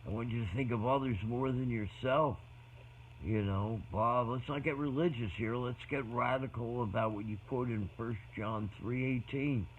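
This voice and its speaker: A man in casual, meandering talk about faith, often halting and restarting his sentences. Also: medium pitch, fairly even intonation. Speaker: speaker in a faith conversation. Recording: dull lo-fi sound with faint noise.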